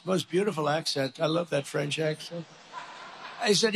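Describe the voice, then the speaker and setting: A man speaks at a rally, bragging and repeating numbers for effect. His voice is high and gravelly. He slips into acted-out conversations. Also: normal speed, fairly bright tone. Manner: boastful, repetitive, acts out conversations. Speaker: politician at a rally. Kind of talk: rally speech.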